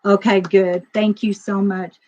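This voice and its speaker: A woman telling a personal story to a live audience in a casual, emotional way, laughing often and swinging between loud and quiet. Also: mid-range voice, flat delivery, a little slow. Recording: dull lo-fi sound.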